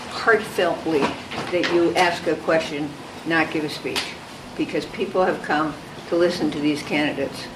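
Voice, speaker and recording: A woman moderating a public forum in a community center meeting room, brisk and joking, recorded without a microphone. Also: low voice. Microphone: no microphone, room sound. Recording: echoey room from far off, noisy.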